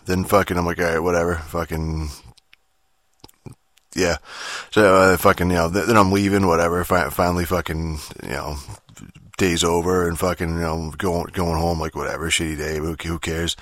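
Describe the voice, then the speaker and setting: A man's voice: low voice, fairly bright tone, no room sound, studio quality. A man hosting a podcast, rambling through a casual monologue, swearing constantly and full of fillers and restarts. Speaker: podcast host.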